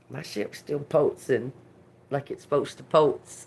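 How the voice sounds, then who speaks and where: A woman hosting a casual tarot livestream, talking straight to her viewers. Her voice sits fairly low but rises and falls with lively swings. She swears freely and laughs often as she tells her story. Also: a little slow, vocal fry, slight background noise. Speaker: tarot reader livestream host.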